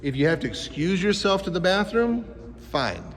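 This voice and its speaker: A man's voice: sits high, very animated, normal speed. A man teaching a life skills class to youths, talking with energy and quizzing the kids with questions. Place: school gym. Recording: echoey gym hall.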